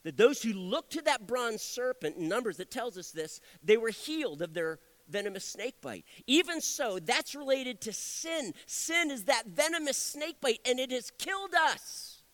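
A male pastor preaching a sermon in an animated, conversational way, breaking off for asides and correcting himself. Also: very high voice, normal speed, hardly any pauses.

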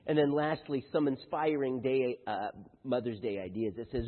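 A man's voice: medium pitch, expressive, slightly rough. Jokey man reading aloud in a hall. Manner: jokey, halting reader who stumbles over words. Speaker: speaker reading Mother's Day cards to an audience. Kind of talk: light-hearted reading aloud to a congregation. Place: large hall with house lights. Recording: echoey hall on a thin phone-like line.

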